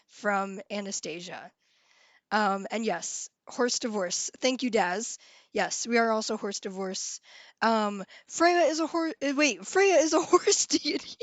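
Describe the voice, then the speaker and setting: A woman's voice: a little high, no echo. A woman hosting a live stream, chatting casually and giggling as she reads viewers' comments.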